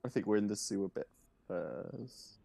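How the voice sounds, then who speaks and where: A man playing a tabletop horror game with friends, jokey and drawn-out, often speaking in character. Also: fairly low pitch, creaky, dark tone, slightly rough. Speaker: player.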